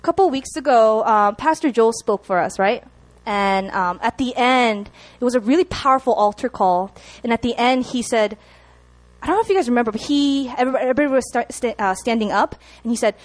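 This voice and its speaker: A young woman preaching a sermon to a congregation, chatty and animated, often checking in with the room. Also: fairly high pitch, fairly quick. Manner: animated, chatty, laughs at herself, asks the room to respond.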